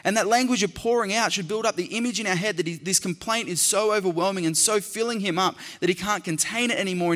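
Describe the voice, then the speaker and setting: A man's voice: high-pitched, fairly bright tone, long reverb tail. A man preaching a sermon, building to passionate emphasis and repeating phrases.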